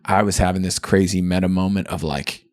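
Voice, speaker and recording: Low-voiced man, earnest podcast chat. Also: completely flat delivery, fast talker, darkish tone, clear, resonant tone, no echo. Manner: earnest, reflective, chatty with frequent fillers. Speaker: podcast co-host. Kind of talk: candid podcast conversation.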